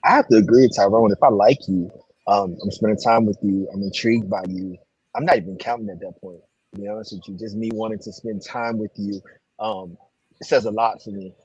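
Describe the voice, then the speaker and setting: A man's voice: lowish voice, steady tone, a little fast, darkish tone, slightly rough, dry recording, muffled recording. A man speaking as a guest on a panel show, easygoing and thoughtful. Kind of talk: casual panel chat.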